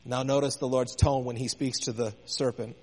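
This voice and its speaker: A man's voice: mid-range voice, flat delivery, moderate pace, a little mellow. Impassioned male preacher in a reverberant hall. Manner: impassioned, rising and falling in intensity. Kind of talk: sermon.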